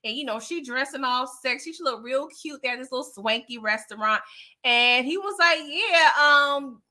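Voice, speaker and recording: A woman's voice: high voice, normal speed, bright, forceful tone. A woman casually recapping TV episodes for her viewers, chatty and slangy, talking straight to the audience. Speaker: TV show recap vlogger.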